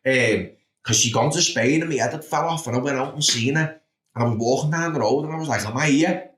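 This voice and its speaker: A man from Liverpool, in his thirties, talks fairly quickly as a podcast guest, bluntly recounting his past with plenty of swearing and repeated "do you know what I mean." His medium-pitched voice is fairly bright, set in a roomy echo.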